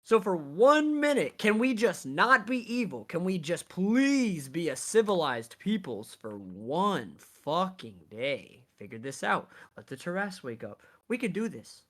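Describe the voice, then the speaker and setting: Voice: mid-range voice, very animated, a little slow, few pauses. Exasperated, profane tabletop player. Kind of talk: in-character roleplay rant.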